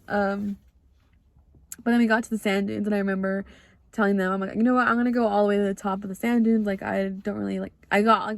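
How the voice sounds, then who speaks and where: A young American woman hosts a podcast, her medium-pitched voice carrying some vocal fry with no echo. She tells a personal story in an earnest, rambling way, filling it with lots of "like."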